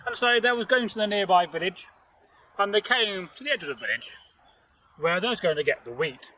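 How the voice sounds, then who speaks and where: An expressive, high male voice, bright and forceful and fairly quick, heard on poor audio with a little hiss or hum. The speaker, a folktale storyteller and channel host, is outdoors in nature telling the tale in a rambling, chatty way, laughing and joking with a companion.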